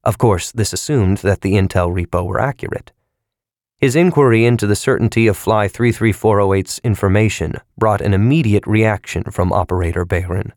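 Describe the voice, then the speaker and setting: Male audiobook narrator, low register, dry studio read, measured and even. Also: no echo. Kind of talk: scripted narration.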